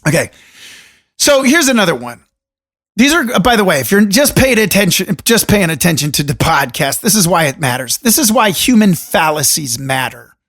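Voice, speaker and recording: A man hosting a solo podcast, talking alone into a studio microphone in a deliberate radio voice with jokey, rambling asides. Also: sits high, very animated, a bit bright. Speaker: podcast host. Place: room alone.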